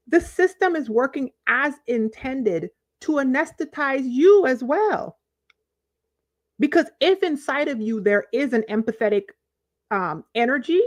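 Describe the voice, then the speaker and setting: Animated woman livestreamer talking to chat. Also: medium pitch, dry recording, lo-fi sound. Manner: animated, talks to chat, emphatic repetition. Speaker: livestream host. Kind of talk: casual livestream commentary.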